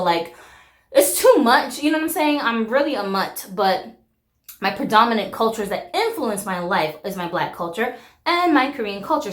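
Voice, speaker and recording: A woman in her forties from America, vlogging in a frank, animated way, swearing freely and laughing often. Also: mid-range voice, echoey room. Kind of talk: casual talk to camera.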